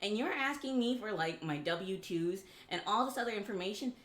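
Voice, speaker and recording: A woman from Georgia in the US, a guest on a game stream, venting in blunt, profane talk with halting restarts. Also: medium pitch, lively intonation, fairly bright tone. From Georgia, USA. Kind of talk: casual chat on a game stream. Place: home room. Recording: roomy echo.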